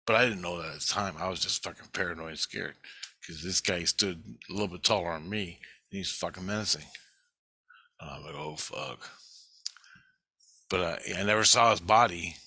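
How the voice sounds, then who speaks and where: Middle-aged man, gruff profane storyteller, low pitch with a bright edge, dry close mic, rambles then gets loud. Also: brisk, no echo. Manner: profane, rambling, animated when excited. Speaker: vlogger. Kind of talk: casual storytelling monologue.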